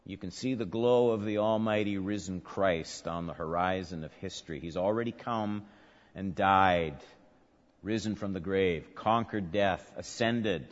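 A male pastor preaching a sermon, swinging from soft, low murmurs to loud, emphatic peaks. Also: unhurried. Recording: dull sound with long hall reverb.

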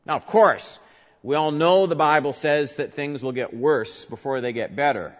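A male pastor preaching a sermon, swinging from soft, low murmurs to loud, emphatic peaks. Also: normal speed. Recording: dull sound with long hall reverb.

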